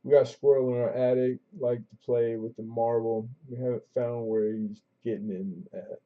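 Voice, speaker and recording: A man's voice: mid-range voice, fairly even intonation, normal speed. A man hosting a coin auction livestream, rambling casually with many fillers and restarts, calling out last bids. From Southern California. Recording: dull lo-fi stream audio.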